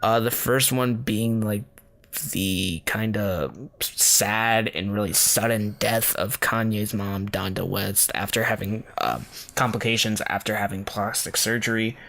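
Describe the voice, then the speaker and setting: A man's voice: lowish voice, fairly even intonation, unhurried, vocal fry, a bit bright. A man co-hosting a podcast, chatting casually and joking with his co-host. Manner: jokey, laughs often. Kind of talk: casual chat.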